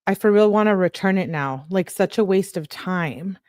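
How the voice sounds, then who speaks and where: A woman reading out the texts of an irate, demanding teenage girlfriend with a heated, scolding delivery, a little higher and louder than her own voice. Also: normal speed, dry recording, clean studio sound, lightly acted. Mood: exasperated. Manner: heated, scolding read-aloud of text messages.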